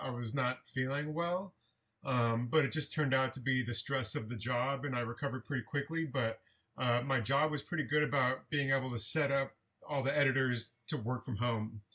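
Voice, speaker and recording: A man's voice: medium pitch, pushed and bright. A man from the San Francisco Bay Area, a writer and TV editor, talking thoughtfully as a guest on a remote podcast call, often restarting words. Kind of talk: casual interview conversation.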